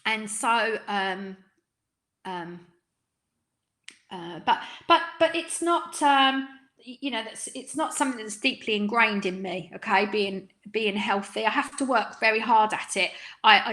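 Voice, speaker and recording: Middle-aged London woman, salon business coach on a webinar; high, bright voice, chatty and filler-heavy. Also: a little slow. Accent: London, Cockney undertone. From East End of London. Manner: chatty, frequent ums and tag questions. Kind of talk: live webinar talk.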